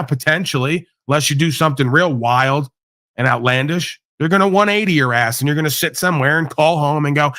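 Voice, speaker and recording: A man's voice: a little high, pushed and bright, no room sound, studio quality. A man hosting a livestream, delivering a profane, combative, preachy rant. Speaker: livestream host. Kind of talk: ranting monologue.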